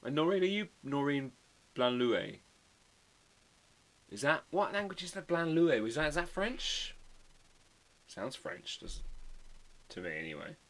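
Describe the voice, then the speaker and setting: A man hosting a casual livestream, chatting with viewers and reading their comments while he draws, often muttering quiet asides. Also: on the high side, big pitch swings, measured pace, long pauses. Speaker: livestream host drawing a card. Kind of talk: casual live-stream chat.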